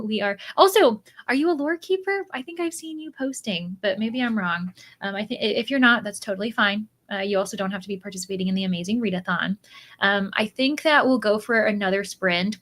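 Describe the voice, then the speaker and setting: A woman's voice: mid-range voice, a bit bright. Chatty woman hosting a reading livestream. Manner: chatty, rambling, with many fillers and restarts. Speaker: livestream host of a reading sprint. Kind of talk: casual livestream chat reading out comments.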